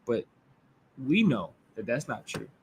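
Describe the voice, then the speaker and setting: A man's voice: medium pitch, sing-song, unhurried, slight background noise. A man leading a Bible class, preaching in a blunt, emphatic way with crude language.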